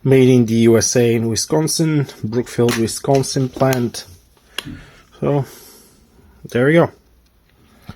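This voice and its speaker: A man talks through a tool review at an unhurried, slow pace. He speaks in short, broken fragments, pausing between phrases and repeating words as he goes. His voice sits in an ordinary middle register. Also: medium pitch, steady tone, warm tone. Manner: halting, short fragments with pauses. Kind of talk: casual product review.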